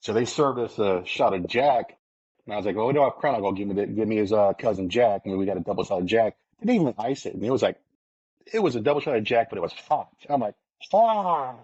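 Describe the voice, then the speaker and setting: An excitable man tells a podcast story with heavy swearing, acting out his own lines as he goes. The sound is muffled and dry, with no room echo. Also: fairly low pitch, fast, breathy edge. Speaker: podcast co-host. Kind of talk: casual storytelling chat.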